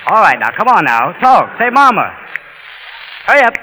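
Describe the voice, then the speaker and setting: Bright coaxing man in echoey hall. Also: sits high, very animated, moderate pace. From New York. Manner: coaxing, commanding. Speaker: dog owner on stage. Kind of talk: coaxing a performing dog. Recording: echoey hall with faint hiss.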